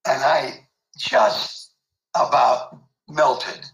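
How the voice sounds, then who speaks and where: Gravelly older man telling a story. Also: medium pitch, slow, a bit bright, roomy sound, poor audio. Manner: reflective, emotional, many fillers. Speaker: interview guest. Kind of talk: storytelling interview.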